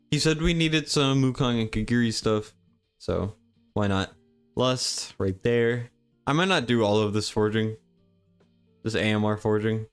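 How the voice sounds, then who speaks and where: Laid-back low-voiced male game streamer. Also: smooth. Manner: laid-back, mumbling, reads chat aloud; low-key monotone. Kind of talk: casual game stream commentary.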